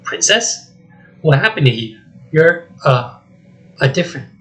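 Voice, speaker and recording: Man doing a jittery talking donkey, high yelping chatter, script read-through. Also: very animated, unhurried, a bit bright, poor audio. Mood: chatty. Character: loud jittery talking male donkey sidekick. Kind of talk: solo script reading with voices.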